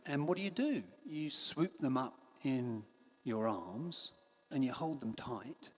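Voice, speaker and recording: A man preaching a sermon in a conversational way, with frequent restarts and passages that drop to a hush. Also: medium pitch, animated, takes it slowly. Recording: long hall reverb.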